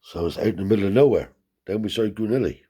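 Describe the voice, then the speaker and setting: A deep, husky man spins a long, rambling yarn full of swearing. His voice is low and warm, and it jumps higher whenever he acts out what someone else said. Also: very fast. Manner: rambling, profane, lifts his voice to act out quoted people. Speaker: storyteller. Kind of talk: casual anecdote telling.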